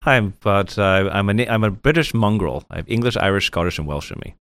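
A man's voice: fairly low pitch, expressive, fairly quick, fairly bright tone, clean tone, no room sound. A man, a guest with a professional clientele, chatting in an interview and telling joking anecdotes with lots of restarts. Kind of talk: casual interview chat.

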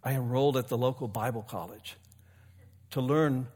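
A man's voice: mid-range voice, normal speed, darkish tone, husky. A male pastor in his fifties or older tells a story from the pulpit, easygoing and self-deprecating. His mid-range voice rings out with a long reverb from a church sanctuary. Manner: conversational, self-deprecating with chuckles. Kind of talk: sermon storytelling.

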